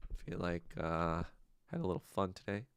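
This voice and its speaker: A man's voice: deep voice, normal speed, clear, resonant tone, dry recording, clean studio sound. A young man hosting a solo podcast, rambling and ranting in a crude, sarcastic, profane way. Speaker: podcast host. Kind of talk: casual solo livestream rant.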